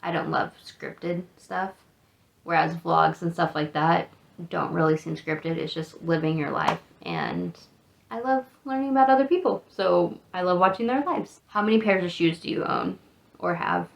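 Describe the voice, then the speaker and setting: A woman's voice: on the low side, expressive, moderate pace, gravelly. A woman in her thirties with an American accent, chatting casually and rambling a little in a self-deprecating get-to-know-me vlog. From United States. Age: 30s. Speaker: vlogger.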